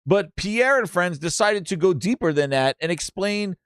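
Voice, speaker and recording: A man hosts a casual gaming news show, his voice a touch higher than most men's. He rambles and mocks, restarting his sentences as he goes. The sound is dry and close, with no room around it. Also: lively intonation, moderate pace, a bit bright, smooth, no echo. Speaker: gaming podcast host.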